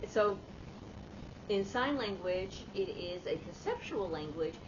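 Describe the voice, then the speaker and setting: A woman teaches sign language in a relaxed, conversational way. She rambles a little, with fillers and restarts. The recording is a bit muffled, with a faint hiss behind her. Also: mid-range voice. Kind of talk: casual teaching talk. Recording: slightly dull lo-fi recording, faint room noise.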